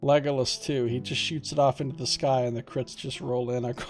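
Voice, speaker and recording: A man's voice: medium pitch, steady tone, brisk, few pauses, dark tone, soft background music. A man casually chatting and reading a fantasy gamebook aloud on a stream, joking and singing silly ditties. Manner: jokey, goofs around and sings silly ditties. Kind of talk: casual let's-play chat and read-aloud narration.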